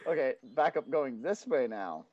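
A man's voice: medium pitch, moderate pace, no echo, muffled recording. A young man playing a co-op game with a friend, yelping, laughing and mocking himself as he struggles. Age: young adult. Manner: excitable, yelps and laughs, self-mocking. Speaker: co-op gaming partner. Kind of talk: casual gameplay chat.

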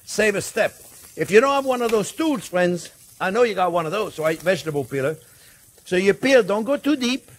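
A man's voice: high voice, animated, brisk. A male chef hosting a cooking demonstration in a kitchen, talking in a chatty, jokey way and calling the viewers his friends. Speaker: cooking show host, chef. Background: faint sizzling pan.

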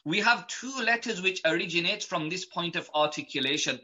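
A man teaching pronunciation in a slow, methodical lesson, patiently repeating each point. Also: sits high, animated, sharp tone, lo-fi sound. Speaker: Quran recitation teacher.

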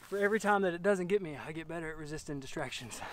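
A young man, chatting excitably to viewers as he narrates his own disc golf round outdoors. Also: on the high side, racing, a little hiss or hum. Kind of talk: casual play-by-play self-commentary.

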